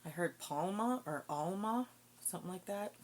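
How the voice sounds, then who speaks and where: A woman giving a casual psychic reading, thinking aloud in a slow, musing way. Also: fairly low pitch, animated, slight background noise. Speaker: psychic card reader.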